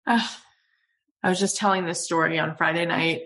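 A woman hosting an interview, telling stories in an earnest, animated, heartfelt way. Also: on the low side, moderate pace. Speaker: podcast host. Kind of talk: casual conversational interview.

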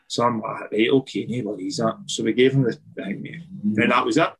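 Speaking a little fast in a mid-range voice with vocal fry and huskiness, a Scottish man who used to play football tells a wild story in casual conversation. He swears freely and animatedly acts out other people's words, though the recording is low-quality.

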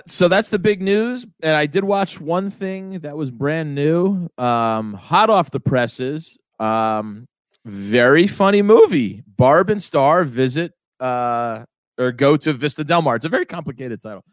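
A man's voice: fairly high pitch, dry recording, studio quality. A man co-hosting a podcast in casual chat, rambling and laughing often. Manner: rambling, laughs often, slips into silly quoted voices. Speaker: podcast co-host.

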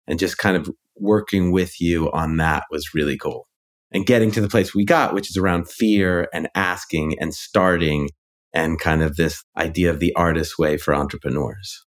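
A man who is a guest on a podcast, talking in a relaxed, reflective way and laughing easily as he tells stories. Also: deep voice, normal speed. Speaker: guest, ghostwriter and author. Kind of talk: casual interview conversation.

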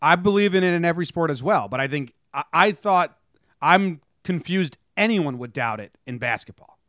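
Rambling podcast co-host, dry close mic. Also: male voice, on the high side, expressive, moderate pace, a bit bright, no room sound. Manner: rambling, self-interrupting. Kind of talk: casual sports chat.

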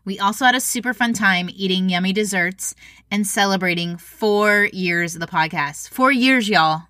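A woman's voice: medium pitch, fairly even intonation, normal speed, sharp tone, dry recording, clean studio sound. A woman hosting a faith and parenting podcast, talking in an enthusiastic, upbeat way. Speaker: podcast host.

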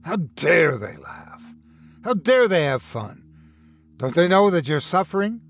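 A man voicing a menacing, mocking male doctor who taunts in a slow, hushed voice. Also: fairly high pitch, very animated, slight background noise, voice pushed up.

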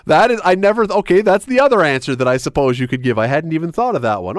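A man's voice: fairly high pitch, big pitch swings, quick pace, few pauses, no echo, clean studio sound. A man hosting a call-in radio show, chatty and musing aloud as he sets up a question for listeners. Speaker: radio talk show host. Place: radio studio. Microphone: studio mic.

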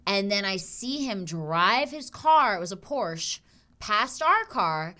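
A woman's voice: mid-range voice, very animated, slow pace, sharp tone. Candid, crude young woman hosting a podcast. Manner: candid, crude, laughs often. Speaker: podcast host. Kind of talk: casual podcast chat.

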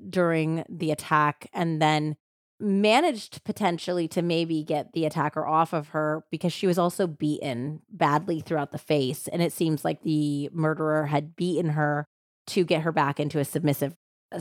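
A woman hosting a true crime podcast, retelling a case in a casual, animated way with lots of "like" fillers. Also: low-pitched, measured pace, dry recording, studio quality. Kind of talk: casual storytelling chat.

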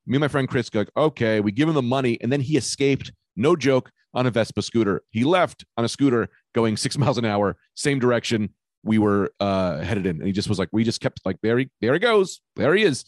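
A man chatting on a podcast, a loud, animated storyteller who swears freely. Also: mid-range voice, a little fast, dry recording. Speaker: podcast guest, comedian. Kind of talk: casual chat.

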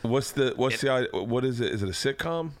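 A man's voice: mid-range voice, lively intonation, normal speed, dry recording. Laughing, profane man telling stories. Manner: swearing freely, laughing through his stories. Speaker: podcast host. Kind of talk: casual chat, storytelling. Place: home man cave.

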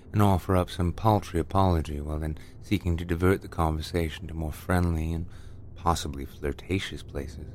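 Brief: low-voiced male storyteller, slow and deliberate, for a spooky podcast reading. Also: a little hiss or hum. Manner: measured, deliberate, dramatic. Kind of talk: scripted horror story narration.

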